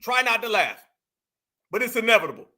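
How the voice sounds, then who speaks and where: A man hosting a commentary vlog, animated and mocking, laughing often as he talks. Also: very high voice, brisk. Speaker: host.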